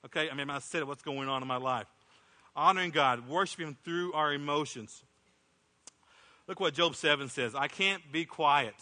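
Impassioned pastor preaching in a reverberant hall. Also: male voice, a little high, fairly quick, pauses often, bright, forceful tone. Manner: impassioned, acts out prayers in a raised voice. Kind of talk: sermon.

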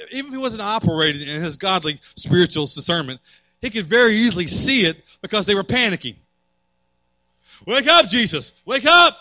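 A man's voice: sits high, bright, forceful tone, dry recording. A man preaching a sermon as pastor, building fervor and acting out quotes.

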